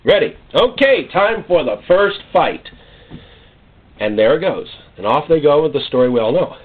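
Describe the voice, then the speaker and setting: Lively, husky preacher on a tinny line. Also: male voice, fairly high pitch, moderate pace. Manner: animated storytelling preacher, jokes and acts out scenes. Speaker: pastor. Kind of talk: sermon. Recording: tinny phone-like sound.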